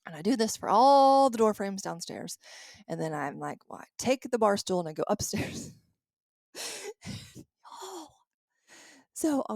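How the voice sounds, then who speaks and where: A woman in her thirties hosting a podcast as a coach, telling a personal story in a lively, laughing way and acting out her own past lines. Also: mid-range voice, no echo, studio quality. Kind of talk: casual storytelling monologue.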